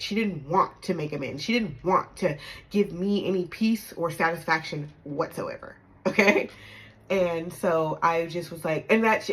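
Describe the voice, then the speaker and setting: A woman in her thirties, a homeschooling mother, telling a personal story in candid, emphatic talk that drops soft when she reflects. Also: lowish voice, husky, rough recording. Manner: emphatic, punctuates with "okay?" and laughs. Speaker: storytime vlogger.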